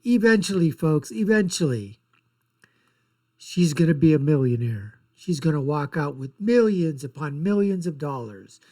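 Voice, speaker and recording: A man's voice: a little high, lively intonation, normal speed, warm tone. A man hosting a political commentary show, ranting in a blunt, sarcastic and mocking way.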